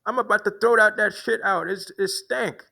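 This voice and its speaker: A man putting on a rude, loud man who shouts crude complaints at a security guard. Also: sits high, normal speed, vocal fry, voice pushed up, exaggerated voice. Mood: yelling, irritated.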